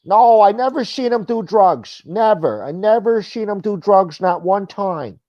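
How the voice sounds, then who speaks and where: A man putting on a slow, dim boastful guy. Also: high-pitched, animated, no echo, lo-fi sound, pitched above the performer's own voice. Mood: mocking. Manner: slow, drawling, self-mocking, profane. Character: boastful rambling dim-witted grown man.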